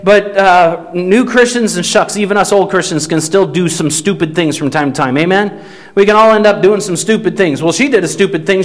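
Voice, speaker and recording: A man preaching a sermon, telling a story in a folksy, animated way with changing pace. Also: high voice. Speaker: pastor.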